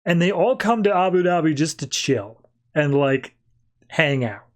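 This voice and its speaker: A man hosting a comics podcast, walking through an issue in a loose, chatty way. He leans on fillers as he tells the story, and his voice sits a little high for a man. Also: lively intonation, measured pace. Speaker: podcast host. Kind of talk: casual comic book recap.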